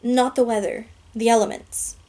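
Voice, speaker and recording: A woman voicing a calm, practical teenage girl who speaks quietly and matter-of-factly. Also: on the high side, normal speed, close to an everyday voice. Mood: concerned.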